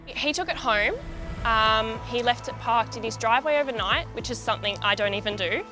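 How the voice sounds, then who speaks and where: A woman's voice: fairly high pitch, a little fast. Young woman, 20s, hesitant and aggrieved, music underneath. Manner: upset and hesitant. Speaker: interviewee. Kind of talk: casual interview.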